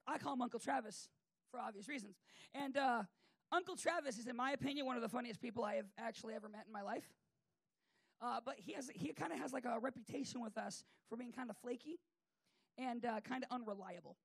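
A man's voice: very high voice, gravelly, breathy edge, no room sound. A man preacher telling a rambling, joking story in a comic sermon, full of fillers.

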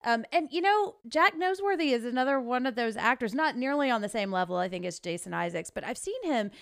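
A woman co-hosts a casual film podcast, talking enthusiastically and fast, with "like" in nearly every sentence. Her voice is a little high and gravelly, with a fairly bright tone and lively intonation. The sound is clean studio audio with no room sound.

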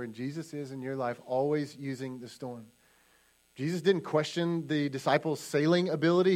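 A man's voice: medium pitch, darkish tone. A male pastor preaching a sermon emphatically, repeating key lines and acting out quotes, in a church.

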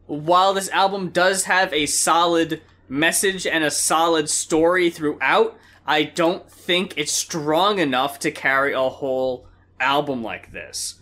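A man's voice: a little high, a little slow, bright, forceful tone. A man co-hosting a casual music review chat, emphatic and blunt, swearing freely. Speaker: music review podcast co-host.

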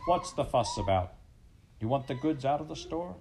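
A man voicing a huge, bold man with a deep, strong voice who scoffs at a crowd in a storybook reading. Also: big pitch swings, moderate pace, noisy background. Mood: scornful.

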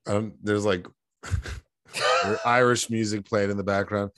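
A male podcast co-host with a lowish voice, chatting loosely. He rambles, swears freely and fills his sentences with "like" and "um." The sound is dry and close to the mic. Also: level tone, takes it slowly, long pauses, fairly bright tone, no echo. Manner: rambling, slangy, swears freely, lots of fillers. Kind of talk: casual chat.

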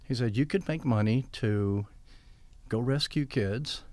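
A medium-pitched, darkish voice with no echo, a little slow, belongs to an older man. He's a guest in a storytelling interview who drifts through long anecdotes, acting out quoted dialogue as he goes.

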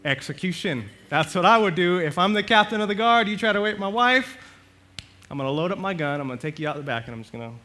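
A male pastor preaching a sermon, animated, swinging between loud and soft and acting out the quotes. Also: high-pitched, fast.

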